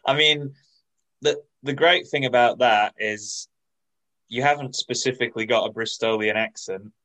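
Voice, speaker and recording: A man co-hosting a podcast in casual chat, measured and dryly teasing. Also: medium pitch, pushed and bright, poor audio. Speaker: podcast co-host.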